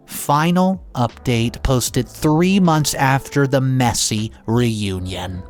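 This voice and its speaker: A man narrating a first-person story in an expressive, dramatic reading with occasional restarts. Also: mid-range voice, clean tone.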